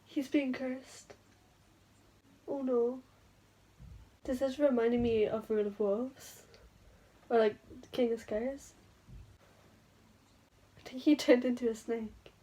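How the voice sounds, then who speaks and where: A woman's voice: a little high, slow, pauses often, breathy edge, rough recording. Gushing young woman reading vlogger. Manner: gushing, excitable, filler-heavy chatter. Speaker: book vlogger. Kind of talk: casual reading vlog with read-aloud passages.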